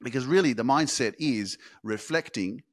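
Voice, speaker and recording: A man hosting a motivational podcast, speaking with intense, profane emphas and swinging between hushed and shouting. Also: mid-range voice, animated, moderate pace. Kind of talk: motivational monologue.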